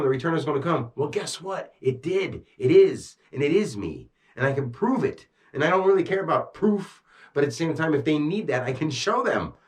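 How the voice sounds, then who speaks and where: A man talking intensely to a camera, amped up and agitated, swearing and swinging between rushed bursts and slow, heavy emphasis. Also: a little high. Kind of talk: rambling talk to camera.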